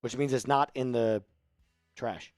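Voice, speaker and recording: A man's voice: medium pitch, measured pace, no echo, studio quality, soft background music. A man hosting a casual live stream, joking around and reading out viewer messages. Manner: joking, reads out viewer chat. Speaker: livestream host.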